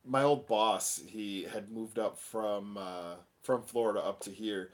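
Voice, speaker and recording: A man's voice: lowish voice, fairly even intonation, measured pace. Joking New England man chatting on stream. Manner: jokey, reads chat comments aloud, acts out quoted people. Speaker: livestream co-host. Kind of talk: casual chat.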